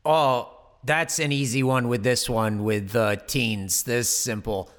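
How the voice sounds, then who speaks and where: A man playing Jason Voorhees as a slow, rambling, goofy roommate in an improvised courtroom sketch. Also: mid-range voice, steady tone, natural voice. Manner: rambling, goofy, self-justifying. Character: Jason Voorhees, dim-witted immortal slasher roommate.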